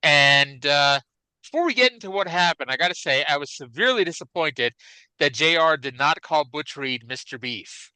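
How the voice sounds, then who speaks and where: A man co-hosting a podcast, chatting casually about classic wrestling in an animated, rambling way with many restarts. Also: on the high side, moderate pace, smooth, no room sound, low-quality recording. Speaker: podcast co-host.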